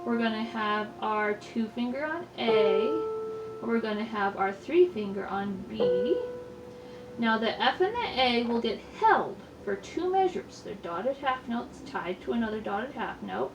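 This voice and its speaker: A woman piano teacher, fairly high-pitched and expressive, walks through a lesson step by step without hurrying, naming every finger and note. The lo-fi recording is made from a distance in an echoey room, with loud piano in the background.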